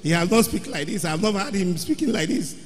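A man telling his testimony at a worship service, with excited storytelling that rises into loud exclamations. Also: high voice, brisk. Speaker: church member giving testimony. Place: large church hall. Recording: long hall reverb.

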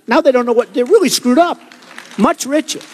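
Speaking fairly quickly in an extremely high voice, a man in his sixties, a political candidate, delivers a boastful, rambling rally speech to a crowd in a hot indoor hall. The recording is reverberant and filled with crowd noise.

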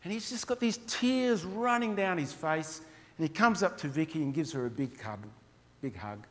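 A man tells stories in an earnest, heartfelt way as he presents mission work to a church. His voice sits fairly high for a man. It rings out with the long reverb of a large hall. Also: lively intonation, moderate pace, fairly bright tone.

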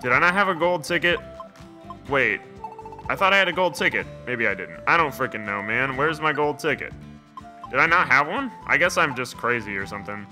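A man's voice: fairly high pitch, pushed and bright. A young man giving casual, jokey commentary while playing a video game, rambling with lots of "like" and "man". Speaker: video game let's player.

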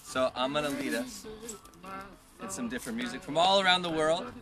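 A man leading an online music lesson for children outdoors, reading a storybook in a lively, encouraging sing-song voice and guiding a dance. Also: mid-range voice, fairly quick. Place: outdoors in a park. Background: music playing.

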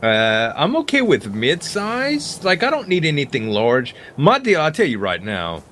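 A man's voice: a little high, wildly swooping pitch, a little slow, a bit bright, a little hiss or hum. A man with a Cajun accent from Louisiana, chatting easily as a gaming partner. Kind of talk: casual co-op gameplay chat.

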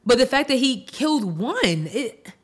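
A woman's voice: sits high, big pitch swings, a little slow, breathy edge. A woman co-hosting a podcast in casual chat, weary and exasperated, who repeats herself. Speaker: podcast co-host.

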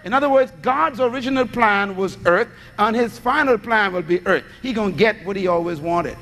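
A man's voice: high-pitched, moderate pace, few pauses, fairly bright tone. A man preaching a sermon, teaching by asking the congregation questions and supplying the answers. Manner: teaching with call-and-response questions. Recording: long hall reverb.

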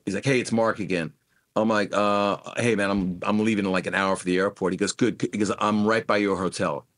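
A man's voice: lowish voice, a little fast, dry recording, clean studio sound. A middle-aged man, a guest musician, telling career anecdotes in an interview and acting out what others said. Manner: animated anecdotes, acts out quoted voices. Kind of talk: storytelling interview.

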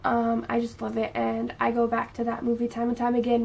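A woman's voice: fairly high pitch, completely flat delivery, brisk, gravelly, darkish tone, slightly rough. Breathless bubbly young woman vlogger. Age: 20s. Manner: bubbly and gushing. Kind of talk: casual chat to camera.

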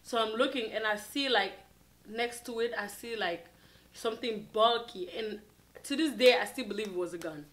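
A woman with a bright, forceful voice tells a story to her viewers in a storytime vlog. She talks casually and animatedly and keeps dropping filler words. It sounds like relaxed, everyday chat to camera. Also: on the high side, moderate pace. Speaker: vlogger.

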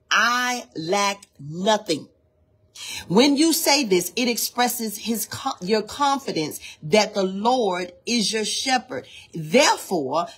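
Indoors near a hallway, a woman runs an informal devotional livestream in a fairly low, slightly rough voice with a bit of brightness. She reads from a text, then breaks into spontaneous exhortations, preaching fervently, repeating phrases for emphasis and urging listeners to speak lines back.

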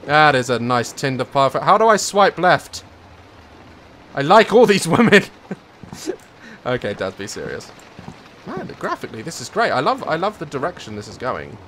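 A man's voice: fairly high pitch, sing-song, moderate pace, a bit bright, slight background noise. A young man commentating a horror game, joking nervously and breaking into sudden screams. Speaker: gaming YouTuber.

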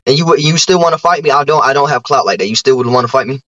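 ビデオ通話で自慢話をするアメリカ人男性. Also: male voice, mid-range voice, very fast, a bit bright, highs cut off, slight background noise. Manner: boastful, rhyming brags, stammering restarts. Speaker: YouTuber challenging a streamer. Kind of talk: trash-talking video call.

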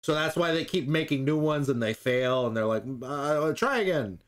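Profane, animated man ranting casually. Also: mid-range voice, brisk. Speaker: podcast co-host. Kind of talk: casual chat.

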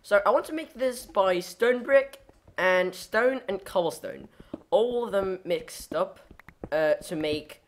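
A woman's voice: medium pitch, lively intonation, slow pace, slight background noise. A woman giving casual let's-play commentary while playing, rambling and goofy, with lots of fillers and self-corrections. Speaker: gameplay commentator.

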